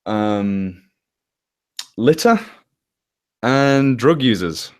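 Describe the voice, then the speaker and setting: A man from England with a northwest English accent, speaking at an average pitch. He chats casually as an interview guest and rambles a little, correcting himself as he goes. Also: expressive, extremely slow, clear, resonant tone. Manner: chatty, rambling, self-correcting. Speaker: interview guest, story narrator. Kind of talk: casual chat.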